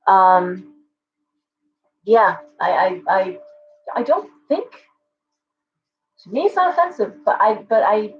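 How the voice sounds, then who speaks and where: A woman's voice: mid-range voice, dull audio. Chatty middle-aged woman on a livestream. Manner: chatty, digressive, talks back to viewer comments. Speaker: shop owner hosting a livestream. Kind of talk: casual livestream chat.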